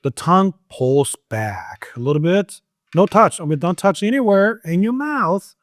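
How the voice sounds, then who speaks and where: A man who is not a native English speaker, teaching English pronunciation in a lively, coaching way with many fillers. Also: sits high, measured pace, no echo. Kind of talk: pronunciation lesson.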